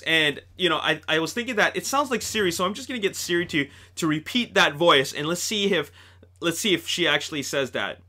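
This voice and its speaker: A man hosting a casual video review, talking excitably and rambling with lots of fillers and restarts, recorded at home on a desktop microphone. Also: a little high, a little fast. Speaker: host of a movie news channel. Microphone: desktop USB microphone.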